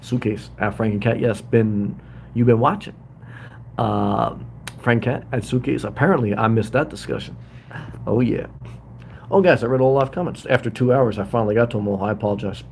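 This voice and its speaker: A middle-aged man talks loosely and warmly off the cuff, drifting between topics and calling out his viewers by name. His pitch sits in an ordinary middle range. A faint hiss of room noise sits under his voice. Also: moderate pace, vocal fry. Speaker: livestream host living in a hotel. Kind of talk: casual livestream chat reading comments. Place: hotel room.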